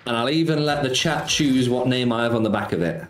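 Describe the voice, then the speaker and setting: A man's voice: mid-range voice, a little fast. A man hosting a casual live stream, chatting with viewers and answering their comments. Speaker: slots streamer. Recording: roomy sound with faint music.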